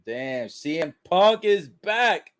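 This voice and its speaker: Excitable high-voiced man calling wrestling live. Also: slow pace, clear, resonant tone. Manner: excitable, swears often, exclaims repeatedly. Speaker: live reaction commentator. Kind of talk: excited play-by-play reaction.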